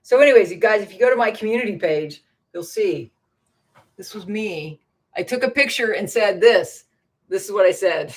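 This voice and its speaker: A woman's voice: mid-range voice, animated, moderate pace, slightly rough. A middle-aged woman from Maine hosting a casual livestream from her home, chatting to viewers and swearing freely when frustrated. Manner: frustrated and swearing, talks straight to chat. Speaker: livestream host.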